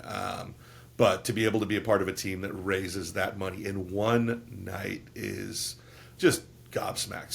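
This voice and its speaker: A man who is a DJ and podcast co-host, with a Midwestern American accent, giving emphatic, enthusiastic shout-outs. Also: deep voice, gravelly, a little hiss or hum. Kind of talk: casual podcast chat.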